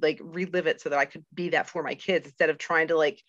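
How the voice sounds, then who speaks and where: Earnest woman, low voice, dry sound. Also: fairly even intonation, fairly bright tone, dry recording. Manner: earnest, candid, emotional, halting with fillers. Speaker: guest. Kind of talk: faith podcast conversation. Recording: dull lo-fi dry recording.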